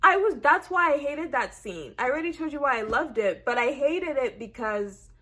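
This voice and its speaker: A woman recapping a TV episode in a casual, animated way, acting out her own reactions and leaning on "like" and "I said". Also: sits high, moderate pace. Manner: chatty, heavy use of "like" and "I said". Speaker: TV recap vlogger.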